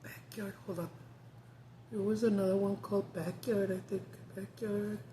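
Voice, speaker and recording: A woman's voice: medium pitch, little pitch movement, moderate pace, mellow, a little hiss or hum. A woman chatting casually as a vlogger, talkative, swearing freely and laughing often. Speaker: mukbang vlogger. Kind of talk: casual chat.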